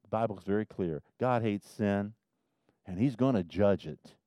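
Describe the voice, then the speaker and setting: A man preaching a sermon as pastor, swinging from loud emphasis to quiet asides. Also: on the low side, measured pace, dry recording.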